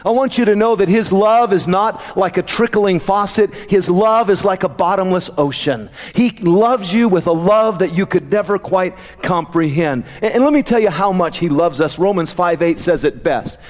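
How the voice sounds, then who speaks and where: A man preaching a sermon as pastor, slowing down for emphatic scripture quotes. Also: high voice. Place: church sanctuary. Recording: church hall with long reverb.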